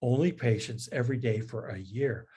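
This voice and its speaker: A man voicing a calm, gentle bishop who answers in a soothing, patient way. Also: medium pitch, normal speed, breathy edge.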